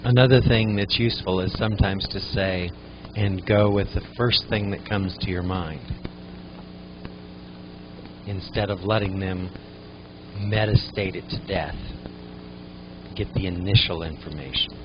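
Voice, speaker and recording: A man adding calm, matter-of-fact advice during a training workshop. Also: low-pitched, measured pace, pauses often, lo-fi sound, noisy background. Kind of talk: workshop remark.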